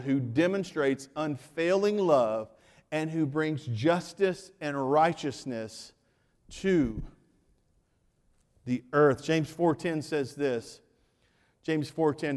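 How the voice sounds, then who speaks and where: A man preaching a sermon as pastor, animated and joking with the congregation, dropping to hushed emphasis on key points. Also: fairly high pitch, in a large hall. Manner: jokes with the congregation.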